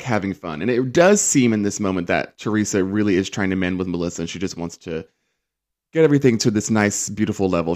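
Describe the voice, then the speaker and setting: A man hosting a casual reality TV recap, chatty and sarcastic, acting out quotes in mocking voices. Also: fairly low pitch.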